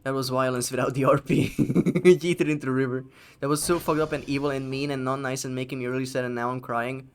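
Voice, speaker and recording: A man's voice: medium pitch, little pitch movement, fast, hardly any pauses, clear, resonant tone. A man streaming a game live, chatting casually and sarcastically with his chat and swearing freely. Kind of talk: casual live gameplay commentary.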